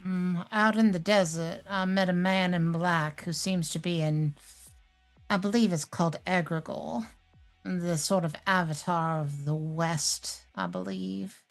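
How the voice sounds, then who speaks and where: A woman's voice: lowish voice, steady tone, a little slow, vocal fry, faint music behind. A woman playing a polite, composed winged summoner with formal phrasing.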